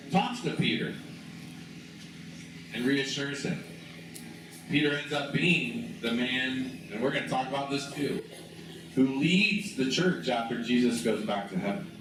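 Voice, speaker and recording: A man speaking at a school chapel, retelling a story in a casual, conversational sermon and prompting the students to join in, recorded far off in a very echoey room with noise behind. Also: mid-range voice. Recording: very echoey chapel from afar, noisy.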